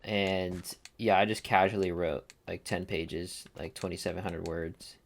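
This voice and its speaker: A man's voice: low-pitched, fairly even intonation, measured pace, a little hiss or hum. A young man chatting casually and rambling while playing a game, dropping slang as he goes. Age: young adult. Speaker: let's play gamer. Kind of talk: casual gameplay commentary.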